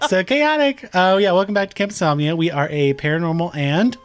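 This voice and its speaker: A man's voice: high voice, brisk, faint music behind. A young man co-hosting a podcast in casual, rambling, giggly banter. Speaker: podcast co-host. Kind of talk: casual chat.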